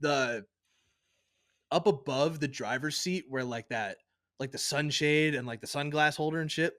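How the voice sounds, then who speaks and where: A man's voice: fairly high pitch, a little slow, dry recording. Dry-voiced man telling a profane story. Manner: profane, animated, acts out other people's lines. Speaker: podcast co-host. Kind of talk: casual storytelling chat.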